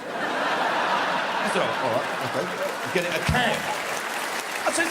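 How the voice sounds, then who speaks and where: A man's voice: sits high, sing-song, unhurried, long pauses, over a noisy crowd, heavy background noise. A man doing a live stand-up routine, telling crude stories with heavy swearing. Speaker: stand-up comedian. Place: large theatre stage. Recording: echoey hall with loud audience. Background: live audience laughing.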